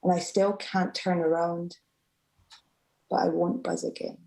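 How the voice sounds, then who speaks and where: A woman, a student poet, reading her poem aloud at a live event with a measured, emotive delivery. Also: lowish voice, level tone, creaky, mellow, low-quality recording. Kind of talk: poetry reading.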